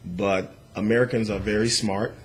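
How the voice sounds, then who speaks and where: A man's voice: lowish voice, steady tone, normal speed, slight background noise. A man hosting a talk radio show, emphatic and opinionated, chatting casually with a guest.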